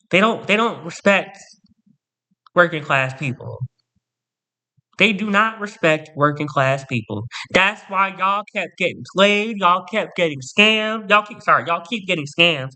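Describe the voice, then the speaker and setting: Sassy boastful man with a sharp voice. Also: a little high. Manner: repeats punchy catchphrases. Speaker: vlogger. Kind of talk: storytime rant to camera.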